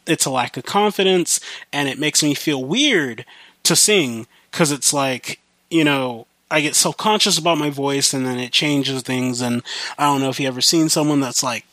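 A man with a mid-range, sharp-toned voice rambles on his own podcast, swearing frequently and filling gaps with fillers. He comes from the US Midwest and carries a slight country accent; the audio has no echo.

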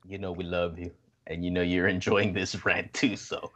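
A man's voice: low voice, little pitch movement, moderate pace, fairly bright tone. A man co-hosting a wrestling podcast in casual chat, tipsy, swearing and rambling with lots of laughter. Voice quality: profane and rambling. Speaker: podcast co-host.

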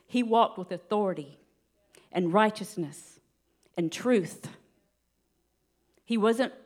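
A woman giving a sermon in an earnest, steady teaching manner, with light laughs now and then. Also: mid-range voice. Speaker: preacher.

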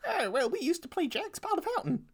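Guy doing a high cracking old granny voice, rambly, turns into a fast auctioneer. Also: very animated, full character voice. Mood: rambling. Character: old grandma storyteller turned auctioneer.

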